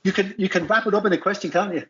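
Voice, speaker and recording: A middle-aged former footballer talking as a pundit in casual podcast chat, rambling with restarts and tag questions. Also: male voice, high voice, very fast, a bit bright. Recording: muffled lo-fi audio.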